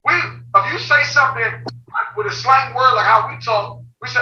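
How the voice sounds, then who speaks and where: A woman's voice: a little high, normal speed, sharp tone, roomy sound, far from the mic, highs cut off, a little hiss or hum. A woman co-hosting a casual podcast discussion, talking emphatically and bluntly and swearing freely. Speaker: podcast co-host.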